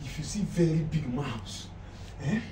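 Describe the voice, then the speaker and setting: A man's voice: on the high side, lively intonation, measured pace, warm tone. A man with a Nigerian accent playing a broke man who stammers as he pleads with a friend. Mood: pleading. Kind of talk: comedy skit acting. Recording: echoey room, far-off mic, background noise.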